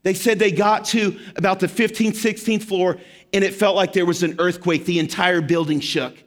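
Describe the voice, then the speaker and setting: A man pastor telling a story in a sermon, dropping to a hushed tone for emphasis. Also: sits high, steady tone, normal speed.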